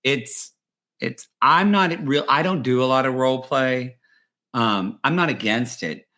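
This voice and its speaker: Man, podcast guest, casual chat, gossipy, animated, mid-range voice. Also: mid-range voice, measured pace. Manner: animated, gossipy, acts out quotes in funny voices. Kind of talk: casual chat recapping a reality show.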